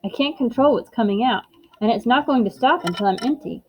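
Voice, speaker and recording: A woman reads a middle-grade novel aloud as a first-person audiobook, narrating in a plain, earnest way. Her voice is on the high side and a little fast, and the recording is rough.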